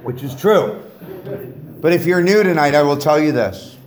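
In a meeting room full of people, a middle-aged guest speaker offers his personal testimony to a recovery meeting. His voice sits a little high and his pace is moderate, and he brings his stories to life with humor, joking along with the audience.

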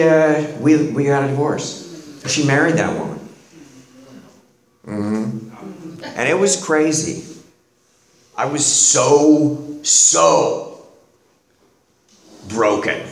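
Slow, animated man in an echoey room. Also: on the high side. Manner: animated, self-deprecating storytelling with laughs. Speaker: speaker sharing his recovery story. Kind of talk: personal recovery talk.

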